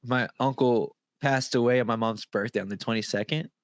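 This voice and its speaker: A man's voice: medium pitch, steady tone, no echo. Guy cohosting a podcast, medium voice, jokey storyteller, dry close sound. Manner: joking storyteller, quick asides. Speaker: podcast co-host. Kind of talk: casual podcast chat.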